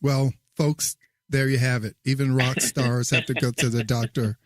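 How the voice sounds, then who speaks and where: A man hosting a podcast interview, relaxed and friendly, laughing often. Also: mid-range voice, normal speed, no room sound, clean studio sound. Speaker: podcast host. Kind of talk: casual interview chat.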